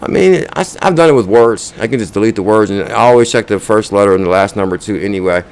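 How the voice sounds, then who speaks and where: This man's voice is fairly low, gravelly and animated, with a quick pace and clean tone. Hosting a crypto channel, he chats casually with his livestream audience, counting down names and asking for likes and comments.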